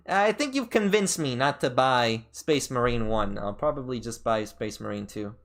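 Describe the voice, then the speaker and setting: A male streamer chatting casually into a desk mic, wandering through his story with lots of fillers and restarts. His voice sits in a middle pitch but jumps sharply high and low from phrase to phrase. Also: expressive, normal speed, hardly any pauses, a bit bright. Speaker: VTuber streamer.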